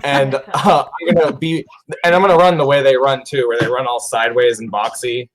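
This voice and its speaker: A man's voice: mid-range voice, fairly even intonation, brisk, low-quality recording. Guy playing d&d, lots of um and like, easygoing. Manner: chatty, hesitant, with many fillers. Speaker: player. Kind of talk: casual tabletop game play.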